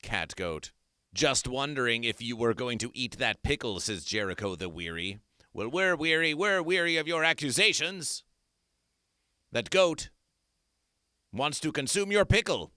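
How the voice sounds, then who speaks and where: A man's voice: mid-range voice, expressive, moderate pace, sharp tone, no room sound, studio quality. A man hosting an absurdist comedy stream, talking in a theatrical, repetitive, chanting way. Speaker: host.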